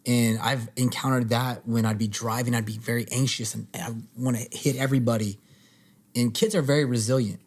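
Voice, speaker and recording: A man hosting a podcast, chatting casually in a relaxed, rambling way with frequent restarts. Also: medium pitch, fairly quick. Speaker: podcast host. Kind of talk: casual conversation.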